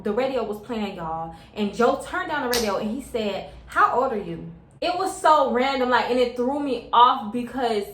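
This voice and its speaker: Young woman vlogger, higher voice, slangy casual story time, echoey room. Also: fairly bright tone. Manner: chatty, slangy, keeps addressing viewers as y'all.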